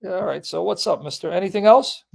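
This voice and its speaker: A man's voice: sits high, fast, gravelly, darkish tone. A man hosting an apologetics call-in show, blunt and teasing, repeating his points with emphasis. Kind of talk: live call-in debate chat.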